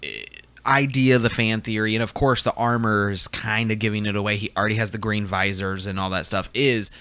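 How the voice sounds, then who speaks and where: A man's voice: on the low side, level tone, a little fast, pushed and bright, smooth, dry recording. A young man co-hosting a casual fan podcast, talking chattily with fillers and restarts. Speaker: podcast co-host.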